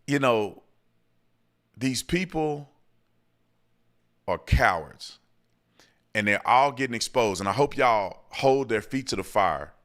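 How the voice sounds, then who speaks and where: A man with a medium-pitched, slightly bright and expressive voice hosts his own show, offering commentary and answering viewer questions. He speaks slowly with frequent pauses, ranting heatedly, repeating himself, and often restarting his sentences.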